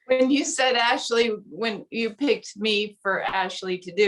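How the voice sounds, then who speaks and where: Woman on a video call, slow and soft, kinda choked up saying thanks. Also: a little high, a little hiss or hum, rough recording. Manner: touched, soft-spoken, laughing nervously. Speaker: group member receiving encouragement. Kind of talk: casual chat on a video call.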